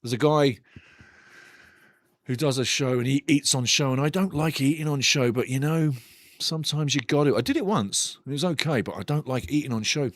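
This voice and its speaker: A man's voice: mid-range voice, a little fast, no room sound. A man hosting a live football watch-along stream, chatty and joking, swearing casually and repeating himself. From United Kingdom. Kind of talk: casual live-stream chat and match commentary.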